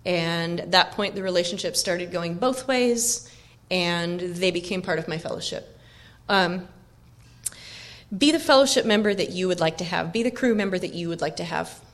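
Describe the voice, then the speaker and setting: A woman's voice: fairly low pitch, normal speed. Reflective woman giving a keynote. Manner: reflective, with frequent ums and restarts. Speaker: keynote speaker. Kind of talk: keynote talk.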